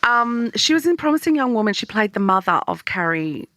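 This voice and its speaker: A woman's voice: medium pitch, very animated, fairly quick, a bit bright, dry recording. A young woman co-hosting a podcast, playful, jokey and enthusiastic in casual chat. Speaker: podcast co-host.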